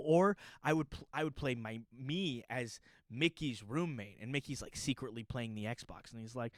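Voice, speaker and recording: A man's voice: medium pitch, moderate pace, no room sound. A young man telling stories in a casual, joking chat to camera as a puppeteer and YouTuber. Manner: animated, joking, storytelling.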